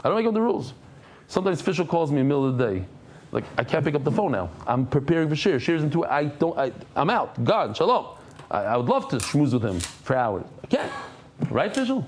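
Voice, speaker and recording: Quick-paced and fairly high-pitched, a man teaches a Daf Yomi Talmud class. He tells stories with animation, voicing the characters himself and weaving in Hebrew and Yiddish terms.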